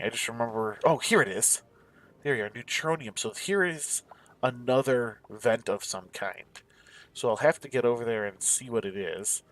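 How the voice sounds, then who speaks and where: A gameplay commentator with a medium-pitched, fairly bright voice gives casual let's-play commentary. He mumbles and muses aloud to himself while searching around a game map.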